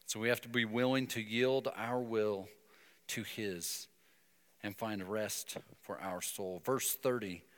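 A man preaching a sermon, telling a story and breaking into emphatic, animated bursts. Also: fairly low pitch, long reverb tail. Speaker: pastor.

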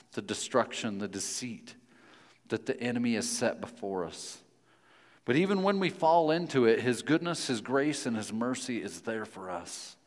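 Male preacher, anecdotal and playful, mid-pitched, long church reverb. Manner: storytelling, playful, then hushed and earnest in prayer. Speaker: pastor. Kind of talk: sermon.

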